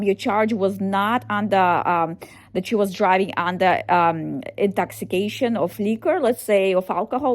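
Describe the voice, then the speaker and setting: Hesitant woman lawyer, many fillers. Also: mid-range voice. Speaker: defense attorney. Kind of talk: informational video to camera.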